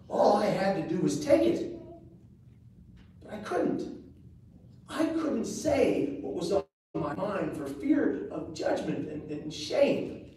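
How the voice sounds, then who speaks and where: A man speaks to a live audience in an echoey venue, his voice carrying from well off the mic. He tells his story dramatically and swings between raised and hushed passages. A faint hiss sits under the recording. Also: on the high side, recorded from a distance. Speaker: motivational speaker. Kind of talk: live personal story speech. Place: event venue, indoors.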